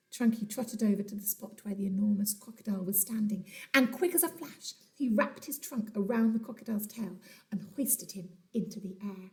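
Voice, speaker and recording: A woman teacher reading a children's storybook aloud from home, telling it in an animated, dramatic way. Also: mid-range voice, a little fast. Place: at home during lockdown.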